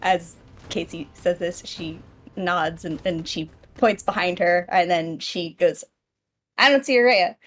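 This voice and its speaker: A woman's voice: on the low side, little pitch movement. Chatty woman playing a tabletop game. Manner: chatty, quick to laugh. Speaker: player. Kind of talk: casual tabletop play.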